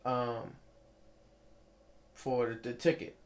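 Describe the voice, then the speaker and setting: A man's voice: medium pitch, flat delivery, slow pace. A man interviewing a guest in a casual talk, nudging him along with short questions and stammering starts.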